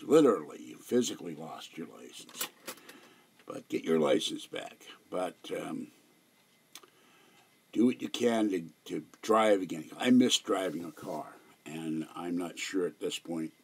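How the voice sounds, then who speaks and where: Rambling older man, lowish voice. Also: gravelly, slightly rough. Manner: rambling, digressive storytelling. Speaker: livestream host. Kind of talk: casual livestream chat. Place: at home.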